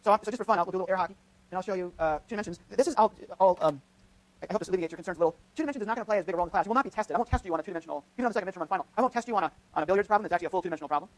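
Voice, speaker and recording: Speaking very fast in a high voice, a man gives a physics lecture in a lecture hall. The professor thinks aloud through a live demonstration, restarting often and adding "right?" again and again.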